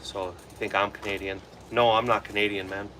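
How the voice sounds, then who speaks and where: A man's voice: on the low side, little pitch movement, a little fast, pushed and bright, a little hiss or hum, low-quality recording. A young man with a Wisconsin accent chatting casually on a livestream, rambling and answering viewers' comments while he works. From Wisconsin, USA. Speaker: livestream host. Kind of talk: casual livestream chat while reloading ammo.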